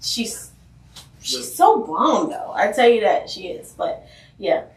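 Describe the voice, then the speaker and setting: A woman co-hosting a podcast in casual chat, telling animated stories and acting out quotes. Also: on the high side, takes it slowly, vocal fry. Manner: animated storyteller, acts out quotes. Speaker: podcast co-host. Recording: roomy, distant mic.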